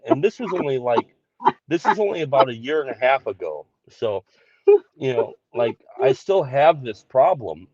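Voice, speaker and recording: A man's voice: medium pitch, a little mellow, no echo. A man telling a confessional story on a group call, blunt and self-deprecating, with profanity. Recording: dull dry call audio.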